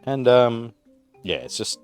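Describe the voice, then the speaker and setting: A man's voice: mid-range voice, takes it slowly, clear, resonant tone, soft background music. An Australian man streaming live from his home garage, chatting casually and candidly in a rambling way while he cooks. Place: single-car garage at home.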